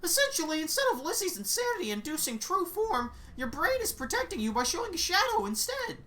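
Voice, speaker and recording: A woman voicing a chipper female guide in a game who explains eerie lore in a brisk, matter-of-fact way. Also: very high-pitched, sing-song, bright, forceful tone, voice pushed up, heavily acted. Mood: explaining.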